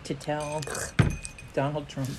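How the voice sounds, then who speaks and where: A woman in her thirties co-hosting a casual podcast, animated and jokey, acting out quotes and swearing freely. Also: sits low, slow, heavy background noise. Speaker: podcast co-host. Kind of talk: casual chat.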